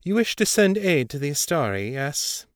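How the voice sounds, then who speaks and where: A man voicing a cold, patronizing ancient devil prince with a low, unrelenting voice. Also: sing-song, normal speed, no room sound, studio quality. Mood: airy.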